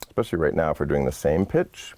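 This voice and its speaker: Deep gravelly guy explaining horn articulation, dark dry sound. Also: lively intonation, fast, no room sound. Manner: patient, explanatory, casual asides. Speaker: horn teacher. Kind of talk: instructional lesson. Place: studio set.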